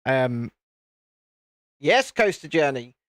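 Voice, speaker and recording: A man's voice: mid-range voice, sing-song, slow pace, a bit bright, no echo, studio quality. A British man hosting a live stream, chatting casually and answering viewer comments. He is jokey, laughs often and restarts his sentences.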